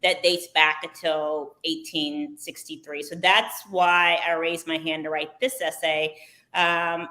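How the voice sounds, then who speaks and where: Bright-voiced woman giving formal answers. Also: low-pitched, level tone. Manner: articulate, measured, formal. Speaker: executive director, guest essayist. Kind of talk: interview answer.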